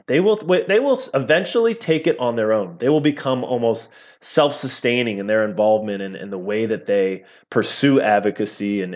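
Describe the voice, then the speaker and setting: A man's voice: lowish voice, a little mellow. A middle-aged man, a professor talking as an interview guest, explaining at length and often repeating words as he goes. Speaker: physical therapy professor, guest. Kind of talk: casual interview talk. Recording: slightly dull lo-fi audio.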